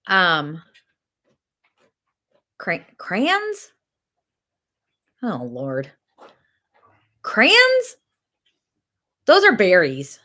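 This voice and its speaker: A woman, hosting a casual church chat, chatty and rambling and quick to laugh. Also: low voice, a bit bright. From Missouri.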